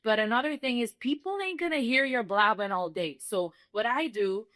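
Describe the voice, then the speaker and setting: A woman's voice: a little high, moderate pace, a bit bright, dry recording. A young woman from Dubai, a singer-songwriter guest, talking animatedly in a casual interview and repeating phrases for emphasis. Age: young adult.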